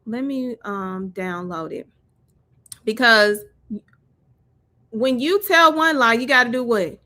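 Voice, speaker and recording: A woman commenting on a livestream, sarcastic and blunt, breaking in loudly as she reads a post aloud. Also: on the high side, slow pace. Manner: sarcastic, interjects loudly while reading.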